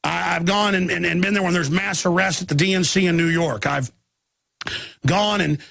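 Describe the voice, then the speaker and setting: A man holds forth on his talk radio show in an intense, rambling monologue, restarting sentences and rising into sudden outbursts. His voice sits high for a man, with a husky, gravelly rasp. The sound is close and dry. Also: fairly even intonation, moderate pace, a bit bright, no echo.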